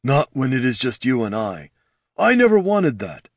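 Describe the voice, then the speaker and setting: A man voicing a huge young orc chieftain who is gentle, unsure and speaks in halting phrases. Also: medium pitch, sing-song, no room sound, studio quality, pitched above the performer's own voice. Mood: uneasy. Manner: hesitant, halting.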